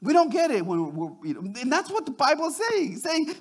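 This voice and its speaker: A man preaching with a strikingly high, bright voice that rises and falls a great deal. He restarts and repeats words as he goes and breaks into acted-out quotes. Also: huge pitch swings, fairly quick. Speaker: pastor. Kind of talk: sermon.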